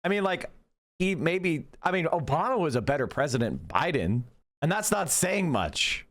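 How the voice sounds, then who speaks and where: Male streamer, casual profane rant at chat, voice a touch high. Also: sing-song, normal speed, fairly bright tone. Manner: profane, ranting, heated. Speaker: livestreamer.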